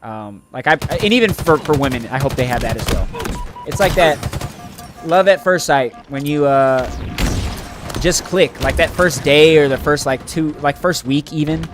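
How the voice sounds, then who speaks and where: A man's voice: fairly high pitch, normal speed, over music. Earnest, rambling male game streamer. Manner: earnest, emotional, rambling with many fillers and restarts. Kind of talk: casual chat to live chat while gaming.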